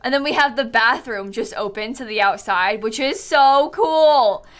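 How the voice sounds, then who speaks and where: A woman's voice: on the high side, measured pace, fairly bright tone. A woman chatting casually on a live stream, touring viewers' game builds, bubbly and chatty with lots of "like"s, a bit sleepy and yawning.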